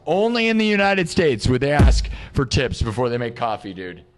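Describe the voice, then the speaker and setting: A man ranting casually to his live-stream audience, joking around and acting out quick little exchanges in other voices. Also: medium pitch, big pitch swings. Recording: music playing behind the voice.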